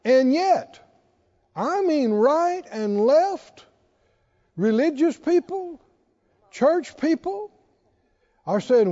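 A man's voice: extremely high pitch, very animated, extremely slow, long pauses, warm tone. A male pastor preaching a sermon, calling on the congregation to answer back. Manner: call-and-response preaching, asks the congregation to answer. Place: church sanctuary. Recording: echoey hall, dull lo-fi sound.

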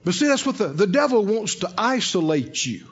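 A preacher delivering an emphatic sermon, rising at times to hollering, on a dull lo-fi recording. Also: male voice, sits high, very animated, moderate pace, breathy edge.

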